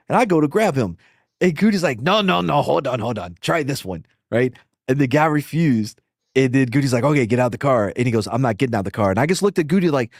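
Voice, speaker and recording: A man casually telling profane, animated stories and acting out the quotes, as a podcast host. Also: mid-range voice, brisk, dry recording, studio quality. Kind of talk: casual storytelling.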